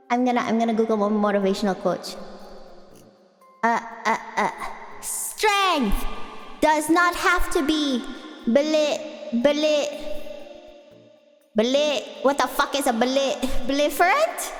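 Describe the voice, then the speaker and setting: A young woman with a high voice chats with her viewers in a playful, giggly ramble. She talks at an unhurried pace. An echo effect gives her voice a long, roomy reverb. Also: a bit bright. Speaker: streamer. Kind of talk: casual chat with viewers. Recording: echoey reverb with faint music.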